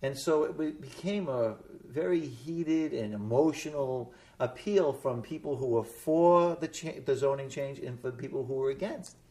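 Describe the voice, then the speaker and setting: A man hosting a local cable TV interview in a studio, telling a story slowly with many fillers and restarts. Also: medium pitch, mellow. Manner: rambling, hesitant storytelling with fillers. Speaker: cable access TV host. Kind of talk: casual interview chat.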